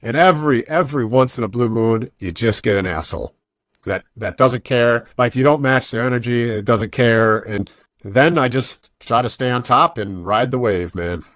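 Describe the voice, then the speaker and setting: Animated man telling coaching stories. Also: mid-range voice, moderate pace, no room sound, studio quality. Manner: animated storytelling, acts out quoted voices. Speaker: guest jiu-jitsu coach. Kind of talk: casual podcast interview.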